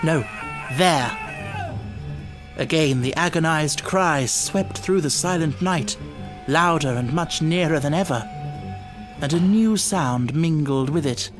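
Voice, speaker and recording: A man narrating an audiobook in a steady, dramatic storytelling manner. His pace is slow and deliberate, his pitch in the middle range, with faint music in the background.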